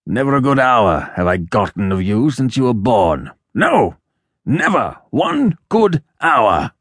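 A man's voice: medium pitch, huge pitch swings, slow, a bit bright, breathy edge, dry recording, clean studio sound, heavily acted. A man voicing an elderly lord and disappointed father, speaking with reproach and heavy emphasis. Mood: bitter. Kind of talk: audiobook character voice.

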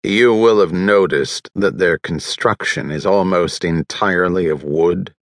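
A man's voice: low voice, unhurried, no echo. A man narrating an audiobook voices a male official who talks in a dry, sardonic way. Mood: measured.

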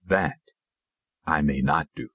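A man's voice: fairly low pitch, wildly swooping pitch, a little slow, slightly rough, no echo, studio quality, exaggerated voice. A man voicing a troubled older Zulu village pastor in an audiobook, grave and at times harsh. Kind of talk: audiobook character reading.

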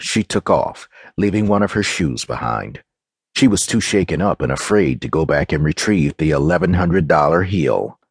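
Gritty novel narrator, man, low and husky, dry close sound. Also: dry recording. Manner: dramatic, expressive reading. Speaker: audiobook narrator. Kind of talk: dramatic audiobook narration.

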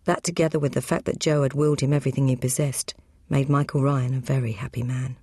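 A woman reading an audiobook crime novel aloud, brisk and matter-of-fact. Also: very deep voice, fairly even intonation, mellow, slightly rough, no echo, studio quality. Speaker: audiobook narrator. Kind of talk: scripted narration.

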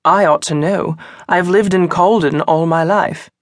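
A woman's voice: lowish voice, steady tone, unhurried, no echo, clean studio sound, lightly acted. A woman narrator voicing a cold, stern suffragist leader who speaks in a clipped, emphatic way, in an audiobook.

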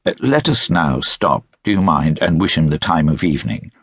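A man playing a pompous, effusive gentleman. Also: rumbling low, sing-song, moderate pace, slightly rough, dry recording, studio quality, full character voice. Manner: effusive, self-important. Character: hearty, pompous middle-aged gentleman. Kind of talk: audiobook character voice.

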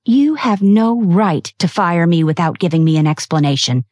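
A woman's voice: a little high, very animated, unhurried, slightly rough, no room sound, clean studio sound, pitched above the performer's own voice, exaggerated voice. A woman voicing a fiery woman executive who speaks in an angry, defiant way, read for an audiobook. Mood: furious.

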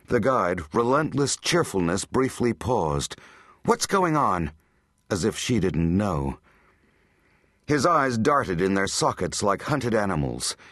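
Male audiobook narrator, low voice, animated delivery, dry close studio sound. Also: no room sound. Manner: dramatic, tense storytelling. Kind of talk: scripted narration.

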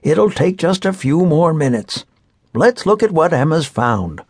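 A good-natured storybook grandfather who gently coaxes and teases, voiced by a man reading aloud. His lines lift and lilt playfully. Close, dry recording. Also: a little high, sing-song, a little slow, husky, dry recording, voice pushed up, exaggerated voice. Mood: coaxing.

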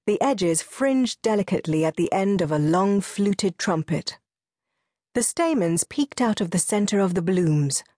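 A woman narrates a novel in an unhurried, measured way. Her voice sits slightly low. The studio sound is dry, with no room echo. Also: darkish tone. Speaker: audiobook narrator. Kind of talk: scripted audiobook narration.

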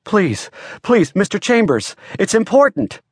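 A man voicing an excited, pleading young man in his twenties who is urgent and polite in an audiobook. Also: mid-range voice, normal speed, husky, no room sound, studio quality. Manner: urgent, polite, says "sir".

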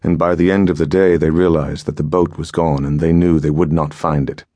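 A man narrating an adventure story in a measured, steady audiobook reading. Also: extremely low pitch, no room sound. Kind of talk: scripted narration.

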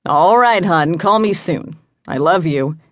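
A woman voicing a caring middle-aged father who talks in a gentle, reassuring way. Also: on the low side, lively intonation, unhurried, no echo.

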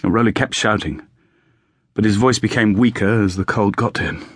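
A man's voice: lowish voice, moderate pace, a bit bright, husky, no room sound, clean studio sound. A man voicing a shaken young RAF bomber pilot recounting a crash, with clipped airman's slang. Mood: grim recollection.

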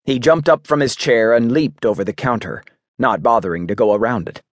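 A man narrating a western romance novel in a brisk, dramatic storytelling manner. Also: mid-range voice, no room sound, clean studio sound. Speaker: audiobook narrator. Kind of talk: scripted narration.

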